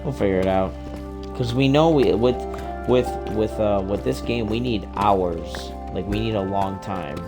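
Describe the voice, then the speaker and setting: Low-voiced young man, rambling gamer. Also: unhurried, loud music behind the voice. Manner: loose, rambling, swears often. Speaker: gaming streamer. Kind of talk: casual gaming chat.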